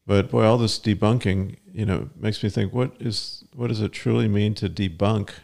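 A man's voice: on the low side, fairly even intonation, moderate pace, gravelly, darkish tone. An older man co-hosting a podcast with his daughter, musing in casual chat and cracking dry puns. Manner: musing, dry punning humor. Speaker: co-host, the host's father.

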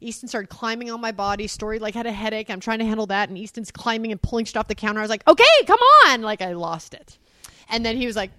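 A woman's voice: medium pitch, steady tone, fast talker, fairly bright tone, no room sound. A woman chatting casually with her partner, telling stories candidly and animatedly, with some swearing. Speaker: mother and co-host. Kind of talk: casual couple chat.

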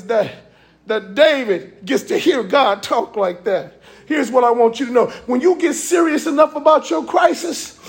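A man preaching a fiery sermon as a visiting pastor in a church, driving call-and-response runs and shouting the peaks. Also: extremely high pitch, vocal fry. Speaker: guest preacher. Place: church sanctuary with congregation.

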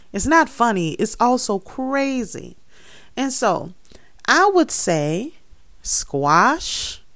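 A woman talks through a casual gardening monologue at an unhurried pace. She is earnest and emphatic, leans on repetition and laughs often. The sound is dry and close. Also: mid-range voice, no echo. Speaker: gardening podcast host. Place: Chicago area.

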